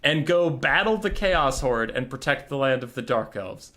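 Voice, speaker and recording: A man voicing a pompous, rash male dark elf king in a loud, overbearing way. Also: mid-range voice, animated, moderate pace, lightly acted. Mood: commanding.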